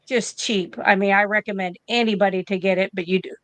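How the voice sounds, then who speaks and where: A woman's voice: mid-range voice, fairly even intonation, a little fast, no room sound. A woman in her fifties, an interview guest and nurse from the United States, telling a story in a casual way and acting out both sides of each conversation.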